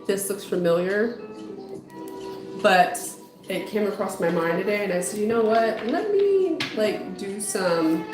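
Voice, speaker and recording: A woman, a spiritual medium and psychotherapist, chatting casually with viewers on a livestream while giving tarot readings; she greets people and often trails off and restarts. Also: fairly low pitch. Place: home, dog heard outside. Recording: roomy sound with music behind.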